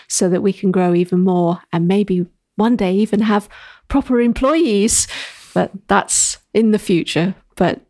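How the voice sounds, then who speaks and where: A woman's voice: mid-range voice, darkish tone, dry recording. Upbeat woman, dry close sound. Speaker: co-host of a local digital community podcast. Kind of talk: casual podcast chat.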